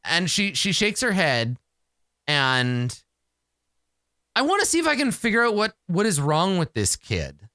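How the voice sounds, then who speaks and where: A man's voice: sits high, wildly swooping pitch, measured pace, pauses often, sharp tone, dry recording, clean studio sound. A man narrating a solo tabletop game in a casual, profane, exasperated ramble.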